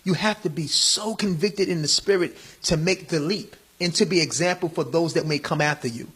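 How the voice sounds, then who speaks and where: A middle-aged man talks earnestly in a casual discussion, with a preachy tone and plenty of repeated words. His voice sits a touch high and has a husky grain. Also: moderate pace, a bit bright. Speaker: panel guest.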